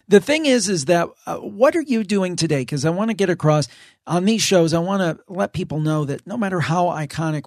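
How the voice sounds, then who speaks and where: Higher-voiced male host, dry sound. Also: no echo. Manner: conversational, quick agreeing replies. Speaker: podcast host. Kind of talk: casual interview.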